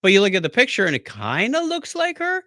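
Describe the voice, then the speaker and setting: A man's voice: high voice, huge pitch swings, fast, sharp tone, no room sound, clean studio sound. A man co-hosting a podcast, telling a rambling story in casual chat and laughing often. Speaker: podcast co-host.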